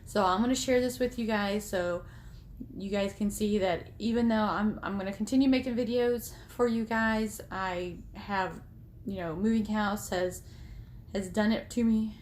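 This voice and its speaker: A woman's voice: mid-range voice, fairly even intonation, normal speed, darkish tone, a little hiss or hum. Chatty woman on a phone room tour. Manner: chatty, rambling, self-deprecating. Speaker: sewing vlogger. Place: small cramped home sewing room. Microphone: phone held at arm's length.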